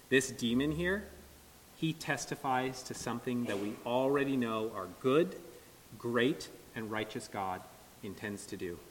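A man preaching an earnest, emphatic sermon with dramatic pauses in a church. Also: mid-range voice, animated, a little hiss or hum. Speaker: pastor. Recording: long reverb of a large hall.

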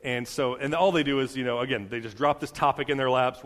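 Casual young preacher in a reverberant hall. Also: male voice, mid-range voice, fairly even intonation, fast talker, a bit bright. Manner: conversational, many fillers and restarts, acts out quotes. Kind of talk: casual sermon. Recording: long reverb of a large hall.

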